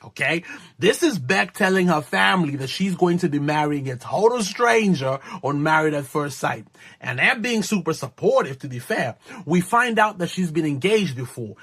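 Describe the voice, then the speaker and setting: A man's voice: high-pitched, fairly bright tone, breathy edge. A man casually recapping a reality show in laid-back slang, laughing at his own jokes. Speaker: recap host.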